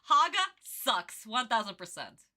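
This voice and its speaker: A woman streamer giving casual livestream reaction commentary in an animated, exclamatory way, swearing freely. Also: fairly high pitch, a little slow.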